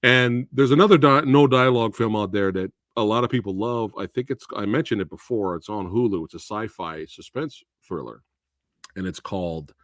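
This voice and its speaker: A man hosting a live movie review, talking in a casual, animated way and slipping into exaggerated quoted voices. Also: on the low side, moderate pace, no echo, studio quality. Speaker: host of a movie review show.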